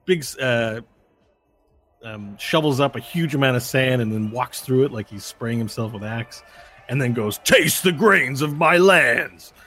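Husky man running a tabletop game. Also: medium pitch, normal speed, soft background music. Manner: rambling, many fillers and restarts. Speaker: game master.

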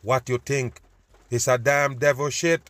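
A man giving a loud, preachy, profane rant over news clips, repeatedly addressing his listeners as people. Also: mid-range voice, steady tone, a little slow, no echo. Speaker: host.

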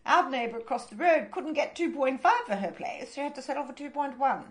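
A woman's voice: high-pitched, expressive, brisk. An Australian woman co-hosting a podcast in casual chat, dry and irreverent, swearing freely. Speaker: podcast co-host.

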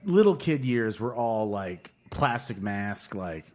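A man's voice: fairly low pitch, sing-song, slow. Laid-back rambling man hosting a podcast. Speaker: podcast host. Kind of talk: casual chat.

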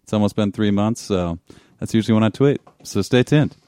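A man's voice: lowish voice, brisk, mellow, smooth, no room sound. A man hosting a comedy podcast, wry and laid-back, wrapping up with plugs. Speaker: podcast host. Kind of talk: improvised comedy banter.

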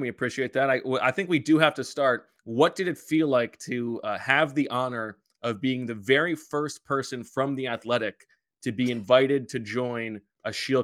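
A man hosting a sports podcast in casual chat, halting with many fillers and restarts. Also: mid-range voice, a bit bright, no room sound, studio quality. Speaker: podcast host.

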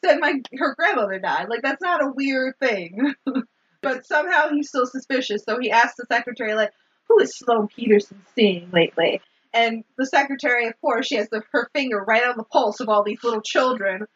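Woman, podcast co-host, casual movie recap, husky and a bit high, does little character voices; dull lo-fi recording. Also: moderate pace. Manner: animated retelling, acts out characters' lines, laughs often.

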